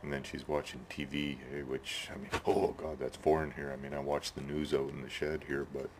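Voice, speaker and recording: A man's voice: rumbling low, monotone, fairly quick, background noise. A man rambling casually about his neighbors and his hobby build in his workshop, tagging sentences with "eh". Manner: rambling, chatty, tags sentences with "eh". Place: home workshop shed.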